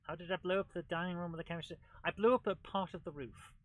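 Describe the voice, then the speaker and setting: A man hosting a retro gaming show, giving chatty, excitable commentary while he plays. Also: sits high, quick pace, rough recording. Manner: chatty and excitable, with frequent laughs and exclamations. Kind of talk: live gameplay commentary.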